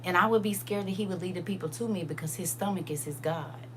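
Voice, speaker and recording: Woman livestream host, casual storytelling, animated and blunt delivery. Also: fairly low pitch, fast, noisy background. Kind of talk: casual storytelling to a live chat.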